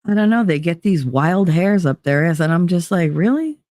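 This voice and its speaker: A woman's voice: on the low side, moderate pace, no room sound, studio quality. Blunt, rambling woman, sick with a cold. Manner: blunt, profane, animated storytelling. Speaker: livestream host. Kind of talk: casual rambling chat to viewers.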